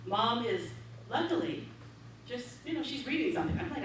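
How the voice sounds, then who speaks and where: A woman minister telling a story in her sermon, lively and laughing often as she acts out what people said. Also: a little high, normal speed. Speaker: minister giving a talk. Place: large hall of a spiritual center. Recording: echoey hall, distant mic, faint hum.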